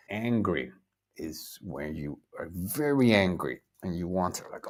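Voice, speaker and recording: A lower-voiced American man teaches English online at an unhurried pace. His pitch swings widely as he stretches out words and repeats them clearly for learners. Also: lively intonation. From United States. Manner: slow, clear teacher talk, repeating words and acting out feelings. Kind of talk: live online English lesson.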